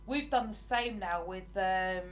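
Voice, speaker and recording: A woman's voice: mid-range voice, a little slow, slight background noise. An English woman in her forties, chatting casually with viewers on a livestream and answering their comments. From England. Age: 40s. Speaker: livestream host.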